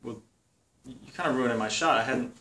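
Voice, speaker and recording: A man hosting a casual home vlog, enthusiastic and excitable, talking in his dining room during a party. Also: medium pitch, a little fast. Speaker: video host. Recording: roomy sound from a distance.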